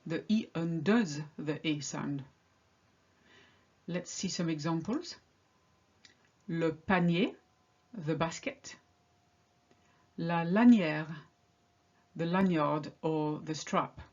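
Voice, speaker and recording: A woman talks through a pronunciation lesson at an unhurried, careful pace, setting out each example word on its own. Her voice sits a little low and comes through a slightly dull, lo-fi recording. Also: darkish tone. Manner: slow, deliberate word-by-word drilling. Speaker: French teacher.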